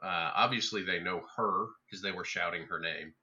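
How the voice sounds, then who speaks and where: A man playing a tabletop game, asking questions and planning his character's moves out loud. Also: low voice, moderate pace, lo-fi sound. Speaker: player. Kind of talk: casual chat at a game table.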